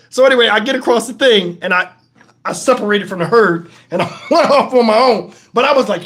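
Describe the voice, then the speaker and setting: High-voiced man telling stories on a live stream. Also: moderate pace. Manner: animated, profane, laughs through his stories. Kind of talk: casual storytelling on a live stream.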